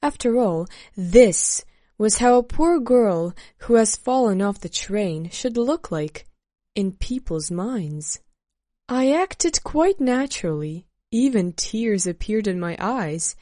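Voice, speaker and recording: A woman slowly narrating a first-person memoir in a measured storytelling manner. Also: medium pitch, animated, warm tone, dry recording, studio quality.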